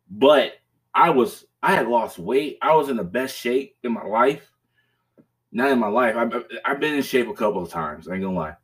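A man's voice: medium pitch, a bit bright. A man hosting a podcast, telling a story in casual chat, profane and rambling, with restarts and bursts of laughter. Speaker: podcast host.

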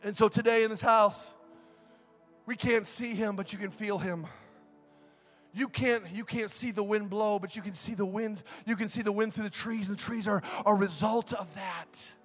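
A man preaching a sermon, swinging between shouted passages and soft, quiet talk, recorded live in a large church. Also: high voice, steady tone, moderate pace, husky. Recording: live church sound with long reverb and music behind.

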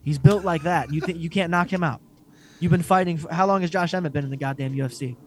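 A man's voice: fairly high pitch, fast. A man co-hosting a podcast, ranting and joking in casual chat with lots of swearing. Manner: profane, joking, excitable rants. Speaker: podcast co-host.

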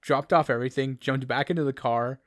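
A man's voice: mid-range voice, steady tone, a little fast, dry recording, clean studio sound. A young man from Canada, co-hosting a podcast in casual chat, rambling through stories with many restarts. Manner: rambling storyteller, many restarts, laughs often. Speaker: podcast co-host.

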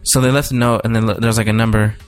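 A man's voice: fairly low pitch, flat delivery, very fast, soft background music. A man co-hosting a podcast, casually telling a story with lots of swearing and quoted dialogue. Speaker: podcast co-host. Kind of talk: casual chat.

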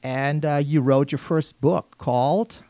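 A man's voice: fairly high pitch, a little slow, dark tone, dry recording. A man with a German accent hosting a radio talk show in a studio, chatting with guests in a friendly, upbeat way. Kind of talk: casual radio chat.

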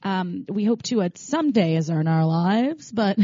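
A woman's voice: medium pitch, lively intonation, measured pace, mellow, slightly rough, no room sound, highs cut off. Chatty woman podcast co-host. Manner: chatty, laughs easily, many fillers. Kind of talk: casual chat.

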